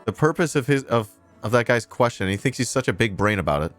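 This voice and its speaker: A man's voice: medium pitch, lively intonation, fast, a bit bright, faint music behind. A man hosting a livestream, reacting to news clips in a sarcastic, ranting way and swearing freely. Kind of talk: casual livestream commentary.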